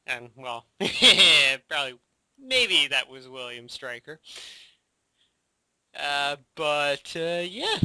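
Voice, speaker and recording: A man's voice: fairly high pitch, sing-song, very slow, long pauses, pushed and bright. A man co-hosting a podcast in casual chat, laughing often and filling gaps with agreeing murmurs. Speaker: podcast co-host.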